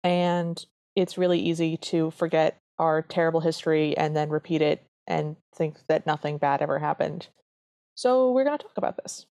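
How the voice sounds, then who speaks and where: A woman's voice: sits low, moderate pace, a little mellow, no echo. Earnest woman podcast co-host, dry sound. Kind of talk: casual chat reviewing a cartoon.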